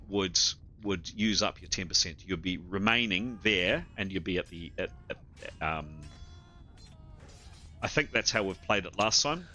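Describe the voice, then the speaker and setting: A man running a tabletop game as game master, talking in halting bursts and repeating words as he rules. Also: sits low, bright, forceful tone, a little hiss or hum.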